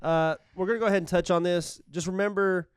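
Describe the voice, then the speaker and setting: High-energy blunt man, smooth voice. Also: fairly even intonation, quick pace, no room sound, clean studio sound. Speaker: podcast co-host. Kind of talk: casual podcast chat.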